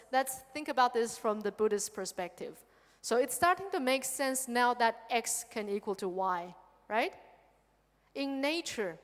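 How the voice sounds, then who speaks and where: A woman with a fairly high voice teaches a Buddhist sutra as a nun giving a dharma talk. She keeps her lecture engaging and checks in with her listeners by asking "okay?" The sound carries a long hall reverb. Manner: lively, checks in with "okay?" often.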